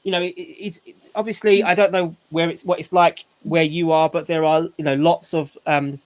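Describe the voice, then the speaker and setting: A father who runs a channel hosts a casual group video chat, rambling along with lots of restarts and "you know"s. His voice is a little high and brisk, with a steady tone.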